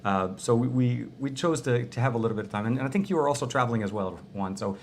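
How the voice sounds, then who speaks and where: A man co-hosting a casual tech podcast from a small cozy room, chatty and quick to laugh. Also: mid-range voice, a little hiss or hum. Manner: chatty, laughs often, many restarts. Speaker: podcast co-host.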